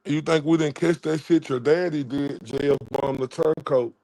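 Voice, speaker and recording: A man's voice: fairly high pitch, fairly even intonation, moderate pace, mellow. A man, ranting confrontationally and with a lot of profanity on a livestream, mocking the people he addresses. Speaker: livestream commentator. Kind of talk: heated livestream rant.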